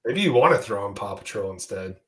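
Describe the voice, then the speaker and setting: A man's voice: on the low side, lively intonation, fairly quick, rough recording. A man co-hosting a casual sports podcast, teasing and joking with his co-hosts. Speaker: podcast co-host.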